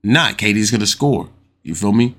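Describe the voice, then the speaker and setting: A man's voice: on the low side, animated, moderate pace, fairly bright tone. A man hosting a casual solo podcast, talking loosely with lots of slang, repeating himself and getting worked up as he argues his points. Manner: loose and slangy, keeps asking "you know what I'm saying". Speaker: podcast host.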